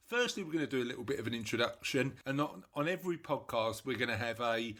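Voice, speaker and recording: A man's voice: medium pitch, expressive, fast talker, a bit bright. Chatty male podcast co-host. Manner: chatty, jokey, explains the show plainly. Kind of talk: casual podcast chat.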